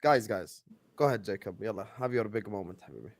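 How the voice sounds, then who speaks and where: A man's voice: lowish voice, expressive, fast, a crowd in the background. A man hosting a football panel, playful and mock-scolding, dropping in Arabic slang. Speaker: host.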